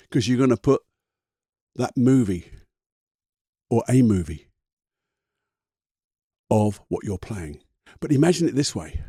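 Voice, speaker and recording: A man talks the listener through a calming exercise, repeating short phrases in an unhurried, guiding way. His voice is mellow and a little husky. The sound is close and dry. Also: medium pitch, no room sound. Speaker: podcast host and coach. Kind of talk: guided self-help talk.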